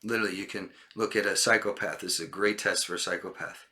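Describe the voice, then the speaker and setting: This body language coach has a low, steady, bright and forceful voice and talks quickly in a casual address to camera. He demonstrates by acting out short lines a liar might say, delivered in a raised voice.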